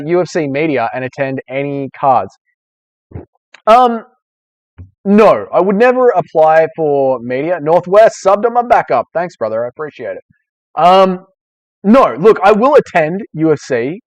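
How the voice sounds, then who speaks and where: A man's voice: mid-range voice, no room sound. A young man hosting a casual live-stream Q&A, chatty and rambling, swearing freely. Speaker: streamer host.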